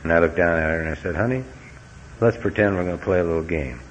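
A middle-aged man speaks quickly in a low voice, giving an earnest, folksy personal talk at a recovery meeting, laced with wry humor. The recording is dull and lo-fi with a faint hiss.

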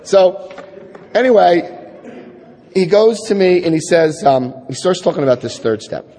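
A man in his forties speaking at a recovery meeting, telling his story with lively acted-out dialogue. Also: sits high, a little slow. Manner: animated storytelling, acts out quoted dialogue. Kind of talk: personal recovery talk. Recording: long hall reverb.

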